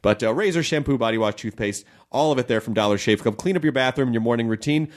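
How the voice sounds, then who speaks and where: A man's voice: mid-range voice, quick pace. A man hosting a podcast, chatting casually and joking his way through ad reads. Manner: playful, jokey, rambling. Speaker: podcast host.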